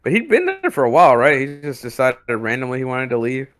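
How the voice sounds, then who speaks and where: A man's voice: mid-range voice, huge pitch swings, fast, fairly bright tone, no room sound. Man hedging through a casual podcast chat. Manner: hesitant, full of ums and likes. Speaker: podcast co-host.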